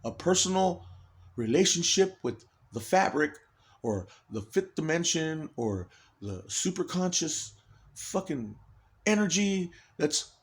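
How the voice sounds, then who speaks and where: A man's voice: a little high, sing-song, slow pace. A man in an agitated, rambling personal monologue, swearing heavily and restarting his sentences often.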